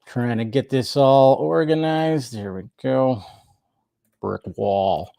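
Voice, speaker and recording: A man hosts a relaxed live stream, chatting with friends and narrating what he is doing as he sets up. His voice sits at an everyday middle pitch. The sound is dry and close. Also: slow, gravelly, dry recording. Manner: chatty, thinks aloud while setting up. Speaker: stream host. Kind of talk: casual live-stream chat.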